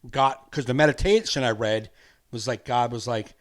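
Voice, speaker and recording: A man's voice: medium pitch, normal speed. A man hosting a podcast, talking in a rambling, earnest way and laughing easily. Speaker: podcast host. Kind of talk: casual podcast conversation.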